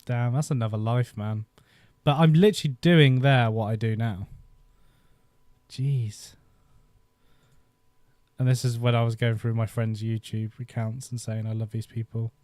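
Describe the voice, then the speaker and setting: Rambling nostalgic man, mellow voice. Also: medium pitch, steady tone, a little slow, long pauses, dry recording. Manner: rambling, nostalgic, laughs often. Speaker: YouTube host. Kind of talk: casual live-stream chat. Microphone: desk microphone.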